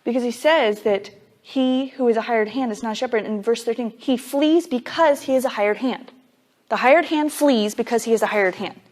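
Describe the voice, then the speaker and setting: A woman's voice: on the high side, normal speed, darkish tone. A woman Bible teacher giving a conversational sermon, casual and emphatic, dropping frequent "like" fillers as she explains.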